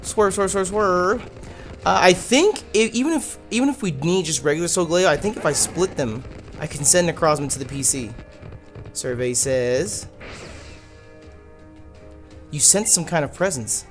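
A man hosting a let's play, giving casual gameplay commentary in an animated, exasperated way and swearing freely. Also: on the high side, moderate pace, long pauses, faint music behind.

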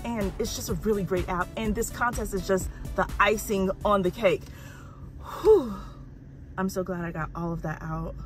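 A woman couponing vlogger, bubbly and fast-talking, pitching an app and then browsing store shelves. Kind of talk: excited sponsor pitch and store vlog. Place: gas station, then inside a discount store.

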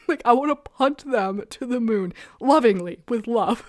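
A woman hosting a casual talk show, chatting about comics in an animated, self-mocking way and laughing often. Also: fairly high pitch, measured pace, long pauses, no room sound, studio quality. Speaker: podcast host reviewing webcomics. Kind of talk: casual chat. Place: rural home.

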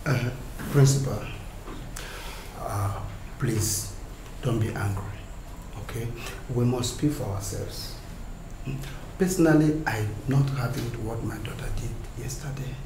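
A man's voice: medium pitch, unhurried, long pauses, echoey room, noisy background, natural voice. A man playing a placating Nigerian father. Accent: Nigerian English. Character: conciliatory Nigerian father, deferential to principal.

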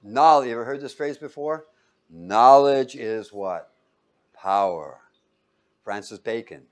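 A man's voice: mid-range voice, a little slow. A man teaching a class in a lecture style, quizzing students with fill-in-the-blank questions and acting out quotes in little voices. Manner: animated, acts out quotes in voices.

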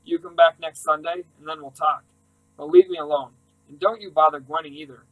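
A man's voice: fairly high pitch, big pitch swings, a little fast, gravelly, fairly bright tone, dry recording, full character voice, poor audio. A man doing a boy faking a cranky grandpa. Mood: dismissive. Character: teenage boy imitating a cranky old grandpa.

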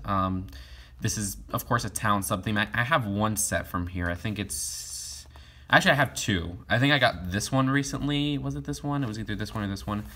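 Low-voiced young man rambling casually. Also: pushed and bright. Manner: rambling, many fillers and restarts. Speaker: toy collector vlogger. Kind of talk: casual catalog review.

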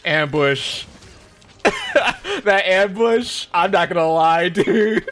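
Excitable young male game streamer. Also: slow. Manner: excitable, laughs often, squeals up high. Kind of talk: live gameplay commentary.

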